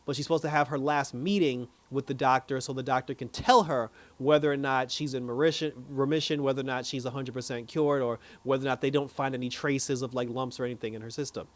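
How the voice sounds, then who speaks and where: A man giving a chatty, animated recap and review of a TV episode, often restarting his sentences. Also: mid-range voice, quick pace, hardly any pauses.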